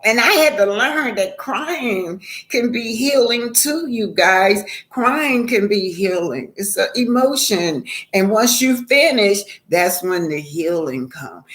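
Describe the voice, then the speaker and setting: A woman talking casually on her own live stream, repeating her points for emphasis and laughing often. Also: medium pitch. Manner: warm greetings, emphatic repetition, slow drawn-out phrasing. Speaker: vlogger.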